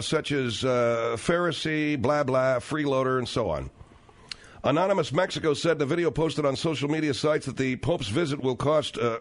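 A middle-aged man hosting a comedic talk radio show, riffing sarcastically on news stories with animated delivery. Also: mid-range voice.

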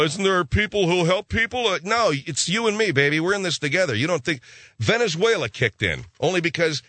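A man's voice: a little high, fairly bright tone, no echo. A man hosting a talk radio show, riffing in a rambling comic rant full of hip slang.

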